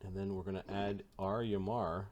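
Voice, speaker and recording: A man's voice: low-pitched, normal speed, slight background noise. A man running a tabletop game as game master, working out rules and numbers aloud. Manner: steady, working out numbers aloud with many uhs.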